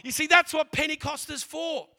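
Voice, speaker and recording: An Australian man preaching a sermon, telling a lively church story with animated, repeating delivery. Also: extremely high pitch, moderate pace. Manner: animated, repeats words as he speeds along.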